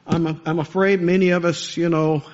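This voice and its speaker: A man's voice: a little high, level tone, normal speed, a little mellow, highs cut off. A man preaching a sermon as pastor, earnest and building to impassioned pleas.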